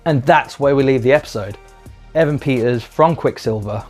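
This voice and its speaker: A man's voice: mid-range voice, moderate pace, soft background music. A man giving a chatty, enthusiastic spoken review, swearing casually and briefly acting out lines in put-on voices. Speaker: video reviewer.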